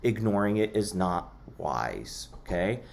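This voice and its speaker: A man's voice: on the low side, big pitch swings, slow pace, vocal fry. A man lecturing to a class in a conversational way, with lots of fillers and personal asides.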